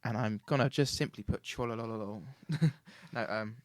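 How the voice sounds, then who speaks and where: A man hosting a casual radio show. He chats loosely, laughs often, and fills his pauses with ums. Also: on the low side, no echo. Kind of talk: casual chat on student radio.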